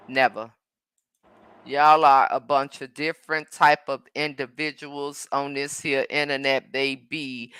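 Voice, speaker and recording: This live-stream host has a bright yet extremely low-pitched voice, clear and resonant, recorded dry. She reads viewer comments in casual chat, sassy and combative, with drawn-out "mm-mms" and pet names like "honey" and "baby."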